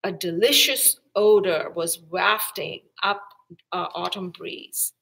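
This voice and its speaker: A woman librarian reading a picture-book story aloud to children, slow and expressive. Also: on the low side, vocal fry, slightly rough, poor audio.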